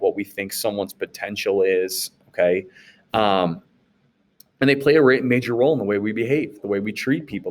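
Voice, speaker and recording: A man from the United States teaching a class in a casual, conversational way, often asking rhetorical questions and checking in with "okay?". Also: fairly low pitch. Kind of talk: recorded classroom lecture recap.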